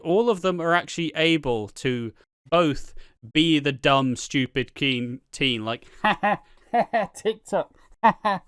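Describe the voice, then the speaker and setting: Bloke chatting telly, smooth voice, dry close sound. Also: male voice, on the high side, no echo. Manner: animated, sweary, chatty. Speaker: podcast co-host. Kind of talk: casual chat.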